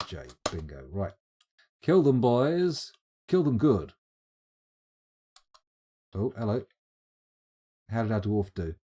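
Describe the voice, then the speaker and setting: A man's voice: sits low, mellow. A man streaming live, giving chatty, wry gameplay commentary as he thinks aloud. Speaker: streamer playing a game.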